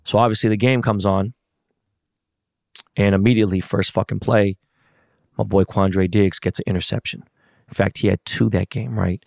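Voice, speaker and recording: A man's voice: lowish voice, little pitch movement, normal speed, vocal fry, long pauses, darkish tone, no echo, clean studio sound. A middle-aged man in a casual, profane rant, venting about a loss. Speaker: sports fan.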